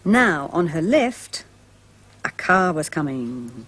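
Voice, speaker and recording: A woman narrating a storybook for young children, gentle and expressive, asking the listeners questions. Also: sits low, slow, husky.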